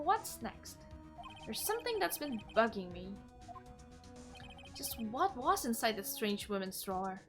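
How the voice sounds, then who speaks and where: A woman streamer reading game dialogue aloud, expressive and animated, with casual asides. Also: high voice.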